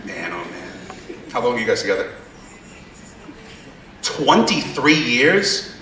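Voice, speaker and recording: A man's voice: mid-range voice, big pitch swings, slow, background noise. A male stand-up comedian, brashly teasing the audience during his routine. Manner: brash, teasing the crowd with asides. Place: theater stage with a live audience. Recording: echoey theater from far off, audience laughter.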